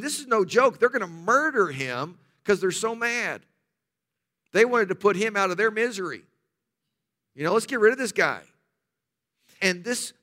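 A man's voice: high-pitched, sharp tone. A man preaching a sermon, telling stories emphatically with humorous asides.

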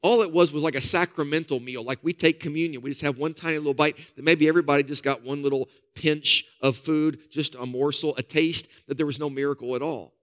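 A man, a pastor, preaching a sermon with folksy storytelling and casual asides. He drops to soft, low emphasis on key points. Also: fairly even intonation, a little fast, few pauses.

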